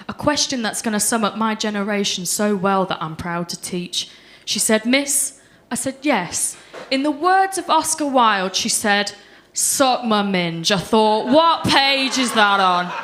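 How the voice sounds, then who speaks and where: A young woman performing a deadpan stand-up set on a comedy club stage. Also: mid-range voice, a little hiss or hum. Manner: deadpan storytelling with voiced quotes.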